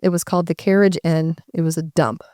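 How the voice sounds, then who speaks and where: Animated storytelling woman, smooth voice. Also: sits low, brisk, no echo, clean studio sound. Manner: animated, breaks into voices for quoted people. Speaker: guest speaker. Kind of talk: casual storytelling to a live audience.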